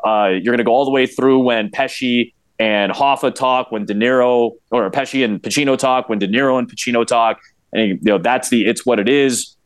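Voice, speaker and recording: A man guesting on a podcast, talking about a film in an eager, casual way with many quick restarts. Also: medium pitch, fairly even intonation, clear, resonant tone, no echo. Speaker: podcast guest, play-by-play broadcaster. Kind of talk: casual chat.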